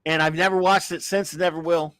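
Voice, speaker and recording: A man's voice: fairly high pitch, level tone, brisk, a bit bright, no room sound. A middle-aged man hosting a casual live-stream show, ranting with exasperated sighs, rambling restarts and trailing remarks. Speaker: show host.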